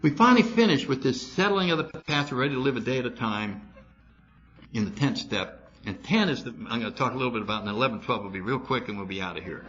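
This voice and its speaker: An older man speaking at a recovery meeting, telling a story and acting out both sides of his conversations in an animated way. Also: mid-range voice, quick pace, hardly any pauses, muffled recording.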